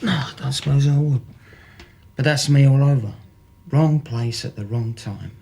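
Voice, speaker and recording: A defensive city trader with a Cockney accent, held as a suspect in a TV police drama. His voice is gravelly and husky. He dodges questions with a guarded edge. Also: medium pitch, normal speed, warm tone. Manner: defensive, evasive. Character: evasive young male city trader suspect.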